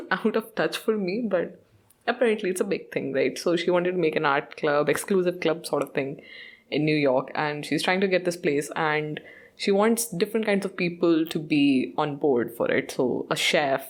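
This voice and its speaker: A woman's voice: sits low, moderate pace. A woman hosting a podcast, chatting casually about a show, mixing in Hindi and laughing often. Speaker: podcast host.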